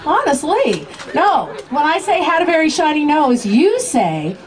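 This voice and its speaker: A woman's voice: high-pitched, very animated, a little slow. An American woman on stage with a microphone, playfully leading a crowd through a call-and-response song at a live concert. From United States. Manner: playful and teasing, coaxing the crowd. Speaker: children's singer performing live. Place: outdoor Christmas lights event, crowd. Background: backing music and crowd.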